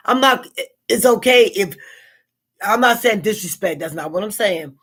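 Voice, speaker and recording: A woman's voice: medium pitch, moderate pace, a bit bright. Rambling Southern-accented woman host. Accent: Southern American. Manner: rambling, repeats herself, frequent fillers. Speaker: live stream host. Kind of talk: casual spoken reflection.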